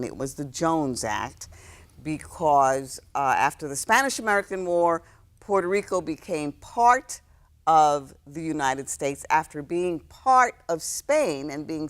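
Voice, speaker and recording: Low-voiced woman guest, reflective and candid. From New York City, South Bronx. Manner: reflective, frequent "uh" fillers and restarts. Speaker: guest, actress. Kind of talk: relaxed interview conversation.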